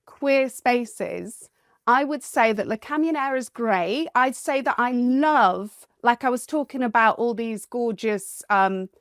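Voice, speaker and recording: A woman talking as a guest on a podcast in a chatty, expressive way, laughing often. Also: a little high, unhurried, no room sound, studio quality. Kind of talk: casual chat.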